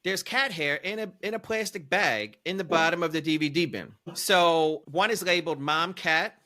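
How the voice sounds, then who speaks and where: A man casually telling a long story on a podcast, animated and profane, his voice jumping high when he's incredulous. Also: normal speed. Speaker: podcast co-host.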